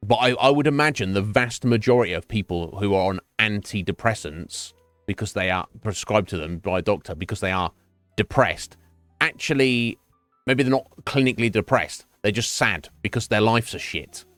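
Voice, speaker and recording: Profane, animated male streamer ranting. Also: lowish voice, normal speed, no echo, faint music behind. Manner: animated, profane, repeats words, laughs often. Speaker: livestreamer. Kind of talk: casual ranting chat while gaming. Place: home streaming setup.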